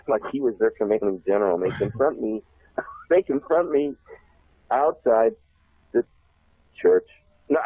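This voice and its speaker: Deep husky man on a phone line. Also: no room sound. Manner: laughs often, repeats himself, animated. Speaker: guest. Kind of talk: rambling personal storytelling. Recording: tinny phone line, dry.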